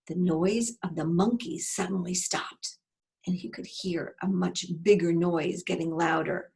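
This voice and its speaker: Creaky-voiced woman reading a storybook. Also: fairly low pitch. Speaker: narrator. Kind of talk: children's storybook read-aloud.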